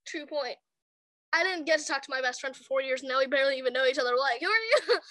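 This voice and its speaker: A woman's voice: high voice, fairly even intonation, fast, fairly bright tone, no room sound. A young woman in casual chat, rambling and laughing often as she acts out quotes from her stories. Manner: giggly, rambling storyteller who acts out quotes. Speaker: chat partner.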